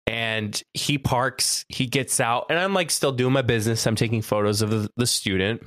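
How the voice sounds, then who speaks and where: A man chatting casually on a podcast, telling a story with lively acted-out quotes. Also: mid-range voice, normal speed, no room sound, studio quality. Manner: animated, acts out quoted voices. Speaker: podcast co-host, campus photographer.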